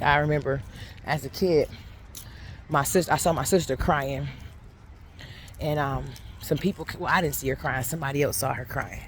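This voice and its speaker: A woman's voice: low voice, slight background noise. Earnest woman telling a personal story. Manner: earnest, rambling, with many restarts. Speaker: faith vlogger. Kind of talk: casual spoken reflection and storytelling.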